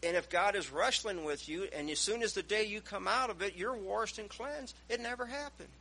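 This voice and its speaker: A man preaches a sermon on a low-quality recording, his voice high, creaky, bright, and forceful at a moderate pace. He tells stories and reads scripture aloud, raising his voice as the emphasis builds.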